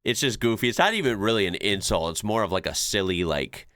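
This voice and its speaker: Dude reacting to clips, laid back, chuckles a lot, super dry close mic. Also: male voice, on the low side, animated, fast, fairly bright tone, no room sound. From United States. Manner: laid-back, chuckles often, explains with many fillers. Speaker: reaction video host. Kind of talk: casual reaction commentary.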